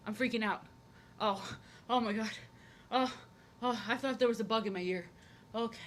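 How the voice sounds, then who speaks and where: A woman's voice: a little high, normal speed, pauses often, slight background noise, rough recording. A young woman chatting casually and playfully while drawing on a live stream, rambling and repeating her phrases.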